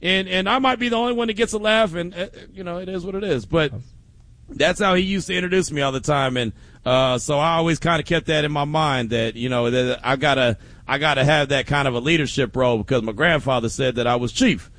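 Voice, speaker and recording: A man's voice: a little high, a little fast. A man hosting a daily sports talk show, telling stories casually with frequent laughs. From Oakland. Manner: animated storytelling with frequent laughs.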